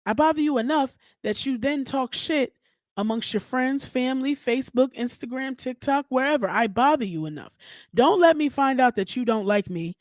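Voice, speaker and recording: A woman hosting her own podcast, ranting in a casual, profane, animated way straight to her listeners. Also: high-pitched, normal speed, dry recording, studio quality. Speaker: podcast host. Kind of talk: casual solo podcast rant.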